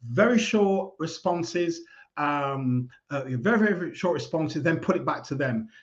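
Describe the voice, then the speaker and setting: A man giving calm, measured advice in a casual talk. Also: on the high side, dull audio. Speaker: speaker giving life advice.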